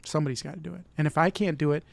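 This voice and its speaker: A man's voice: on the high side, steady tone, racing, gravelly. A middle-aged man from Michigan hosting his own vlog, giving an earnest, encouraging motivational talk and often repeating himself. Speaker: vlog host.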